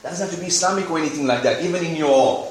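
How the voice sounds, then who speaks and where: A man teaching an Arabic lesson to a class, drilling students with quick questions and answers. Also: fairly high pitch, slight background noise. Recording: echoey room from far off.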